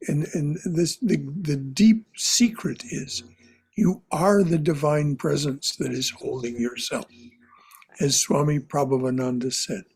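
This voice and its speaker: A man teaching a spiritual class in a slow, reflective way, often repeating his phrases softly. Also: fairly high pitch, creaky, slightly rough. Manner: repeats phrases, soft and contemplative.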